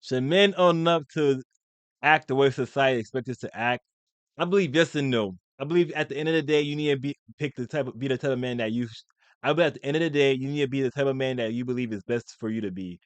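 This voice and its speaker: A man's voice: mid-range voice, fast talker, dry recording. A man giving blunt, opinionated commentary in a casual, rambling way, with frequent restarts. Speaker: commentary video host.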